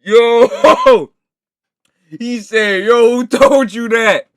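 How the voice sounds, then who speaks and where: A man reacting to a clip with slow, laughing comments and short exclamations. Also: very high-pitched, dry recording, studio quality. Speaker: reaction video host.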